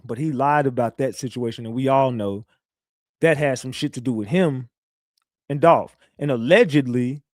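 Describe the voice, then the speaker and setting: Speaking at a moderate pace in a mid-range voice, a man hosts a livestream with casual, rambling commentary, peppered with street slang and constant restarts. The recording is dry and studio quality.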